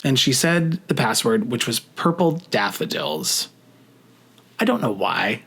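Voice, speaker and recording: A young adult man casually telling a story to camera, chatty and profane, full of "like" fillers, rushing some phrases and drawing out others. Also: medium pitch, very animated, gravelly, fairly bright tone, husky. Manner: shifts between rushed and drawn-out phrasing. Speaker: vlogger.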